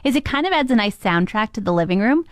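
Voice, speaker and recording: A woman's voice: a little high, very animated, fast talker, no echo, studio quality. A woman co-hosting a morning radio show, bantering casually with a playful, giggly manner. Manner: giggly, playful and self-deprecating.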